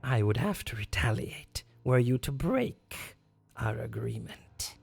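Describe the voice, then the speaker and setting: A man's voice: medium pitch, very animated, slow, gravelly, husky, exaggerated voice. A man voicing a scheming old female hag who speaks in curt, stern lines.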